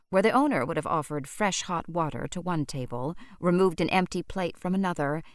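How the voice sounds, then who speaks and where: Woman reading an audiobook, low voice, super dry studio sound. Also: no room sound. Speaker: audiobook narrator. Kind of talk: scripted audiobook narration.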